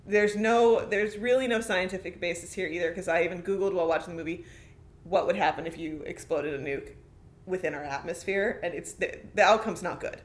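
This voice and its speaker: Animated podcast co-host recapping a movie. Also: medium pitch, brisk. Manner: animated, recaps scenes in detail. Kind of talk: casual movie discussion.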